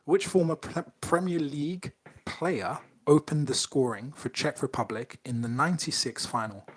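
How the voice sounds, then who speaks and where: A man's voice: fairly high pitch, normal speed, slightly rough. A man co-hosting a podcast, chatting casually and playfully reading out quiz questions. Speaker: podcast co-host, quizmaster. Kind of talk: casual chat.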